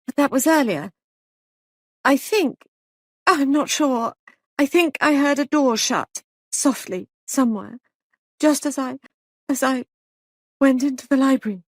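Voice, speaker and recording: A woman voicing a frightened young woman who answers in halting, faltering phrases. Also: high voice, a little mellow, no room sound, clean studio sound, pitched above the performer's own voice, lightly acted.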